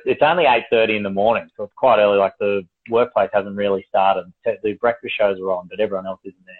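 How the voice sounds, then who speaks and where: An Australian man telling a story casually, swearing, laughing and acting out quoted voices. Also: on the low side. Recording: tinny phone-like audio.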